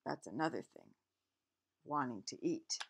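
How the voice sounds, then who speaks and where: Low-voiced woman reading a picture book. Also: measured pace, creaky, husky. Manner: expressive, stops to explain the pictures. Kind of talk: picture-book read-aloud with asides.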